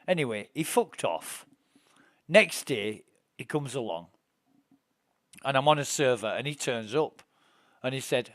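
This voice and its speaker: A man's voice: mid-range voice, lively intonation, a little slow, pauses often, fairly bright tone, no room sound, clean studio sound. A middle-aged man, streaming a space game and telling rambling, profane, indignant stories. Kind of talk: casual gameplay chat and storytelling.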